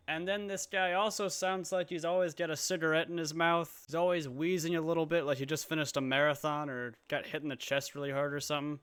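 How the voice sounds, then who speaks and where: A man's voice: on the high side, steady tone, fairly quick, hardly any pauses, fairly bright tone, smooth, no room sound. Sarcastic man doing comedic voice-over. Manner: sarcastic, mock-grand asides. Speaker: commentary YouTuber.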